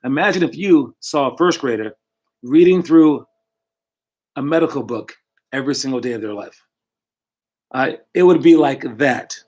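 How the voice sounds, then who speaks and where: A man's voice: mid-range voice, moderate pace, long pauses, a little mellow. A man coaching young basketball players, giving a casual, encouraging motivational talk from home into a computer microphone and correcting himself as he goes.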